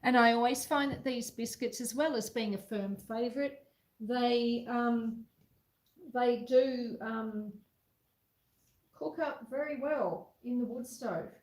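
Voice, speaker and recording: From her home kitchen, an Australian woman with a high-leaning voice hosts a casual baking live stream, speaking slowly in an echoey room on a rough recording. Chatty and self-deprecating, she reads viewers' messages aloud as she cooks.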